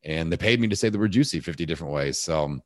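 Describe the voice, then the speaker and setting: A man with a big, deep voice, talking casually as a guest in a podcast interview and telling animated stories. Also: fast talker, no room sound, clean studio sound. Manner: animated storyteller, acts out voices.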